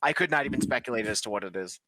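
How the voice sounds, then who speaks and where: Bright, lively man chatting and laughing. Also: medium pitch, rapid-fire, no room sound. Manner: laid-back, laughs often, brief wry replies. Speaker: podcast co-host. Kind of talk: casual chat.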